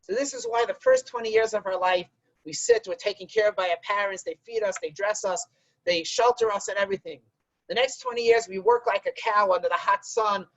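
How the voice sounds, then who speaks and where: A man gives a religious lesson as a rabbi, telling stories in a loose conversational way. His pitch swings widely and his voice has a gravelly edge. The recording is dry and somewhat dull. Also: dry recording. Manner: conversational, animated storytelling.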